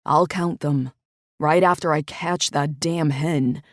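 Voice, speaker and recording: A woman voicing a steady, dry-humored young man who speaks in short, understated lines. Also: on the high side, slow pace, dry recording. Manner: terse, understated.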